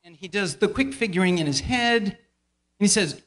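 Animated and brisk, this man's high-pitched voice has a bit of brightness. As a church elder in a church hall, he teaches a Bible lesson to the congregation by playfully directing a volunteer skit and prompting their lines.

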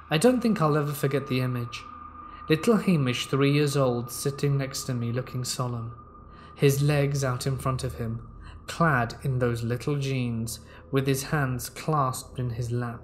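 Calm man narrating a horror story. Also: mid-range voice, slight background noise. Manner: calm, measured first-person storytelling. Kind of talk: scripted narration of horror stories.

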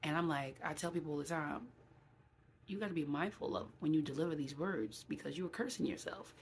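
A middle-aged woman from New City, talking casually to camera in a vlog. She is animated and acts out quoted voices, with many fillers. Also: low-pitched, brisk, slight background noise. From New York City. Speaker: vlogger.

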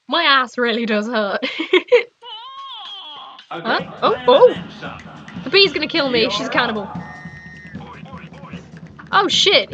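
A young woman commentating a video game as she plays, excitable and swearing, with loud outbursts. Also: sits high, lo-fi sound. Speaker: gaming streamer. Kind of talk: let's play commentary. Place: home room.

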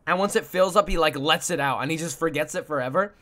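Bright, excitable streamer guy from Canada. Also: fairly high pitch, fast, faint music behind. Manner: excitable and swearing, with sudden yelps. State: sleep-deprived. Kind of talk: livestream chat reading viewer messages.

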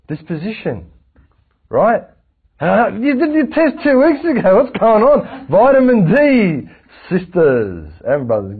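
A man, teaching a religious class with lively rhetorical questions to his students. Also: high-pitched, slightly rough. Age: 40s. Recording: tinny lo-fi lecture recording.

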